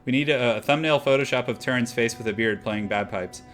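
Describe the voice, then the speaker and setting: A man's voice: medium pitch, brisk, a bit bright, soft background music. A young man casually chatting through a live stream while setting up a strategy game battle, rambling with lots of fillers. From half Irish heritage.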